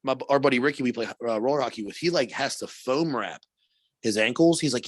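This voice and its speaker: Brief: male podcast co-host, animated storyteller, salty and laughing, dry close mic. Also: medium pitch, fast, no echo. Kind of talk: casual chat.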